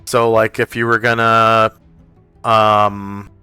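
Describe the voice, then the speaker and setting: A man running a tabletop game as game master, narrating the scene and explaining rules in a casual, halting way full of fillers. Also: fairly low pitch, flat delivery, sharp tone, clean tone, no room sound, soft background music.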